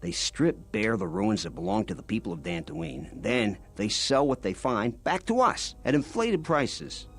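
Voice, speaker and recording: Gravelly bitter farmer. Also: male voice, medium pitch, wildly swooping pitch, unhurried, few pauses, soft background music, heavily acted. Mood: aggrieved. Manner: complaining, bitter. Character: weary aggrieved male farmer settler, middle-aged. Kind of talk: video game voice acting.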